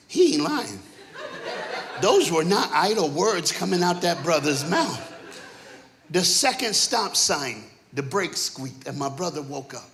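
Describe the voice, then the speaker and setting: Animated high-voiced preacher spinning funny stories. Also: male voice, a little hiss or hum. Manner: animated, punchy storyteller who acts out family characters. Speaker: guest preacher. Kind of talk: comedic storytelling sermon. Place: church auditorium stage.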